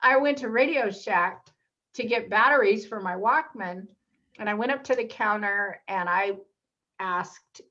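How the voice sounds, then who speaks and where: A woman guest in a casual interview, telling personal stories in an animated way and acting out the voices of people she quotes. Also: mid-range voice, measured pace, lo-fi sound.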